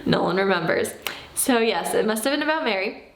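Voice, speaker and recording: A woman in her thirties tells a personal story in a casual, animated way. She acts out what she said back then. Her voice sits at a middle pitch, and the room around her is very echoey. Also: brisk. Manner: animated, acts out her own past lines. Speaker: vlogger.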